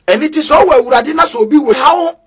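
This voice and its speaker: A man preaching an energetic street sermon, chanting in a sing-song way with bursts of shouting. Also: very high voice, quick pace.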